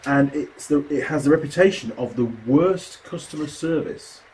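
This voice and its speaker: A man, a mechanic and video host, chatting and telling animated stories while building a kit. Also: on the high side, moderate pace, slight background noise. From New Zealand. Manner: chatty, animated storyteller with a laugh. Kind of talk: casual chat while building a model kit.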